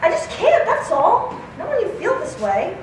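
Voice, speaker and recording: A young woman playing an impulsive, dramatic newlywed wife, talking emotionally, sometimes shouting and near tears. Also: extremely high pitch, wildly swooping pitch, moderate pace, exaggerated voice. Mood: furious. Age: young adult. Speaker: student actor. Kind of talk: stage acting in a class play. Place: classroom stage. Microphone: distant camera. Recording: echoey room from far off, faint noise.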